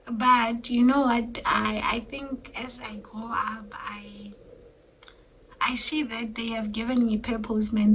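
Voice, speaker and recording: A young woman chatting casually to her viewers as a vlogger, often dropping to a hushed near-whisper and repeating herself as she talks. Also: on the high side, slight background noise, low-quality recording. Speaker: vlogger and mother of three. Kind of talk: casual chat to camera.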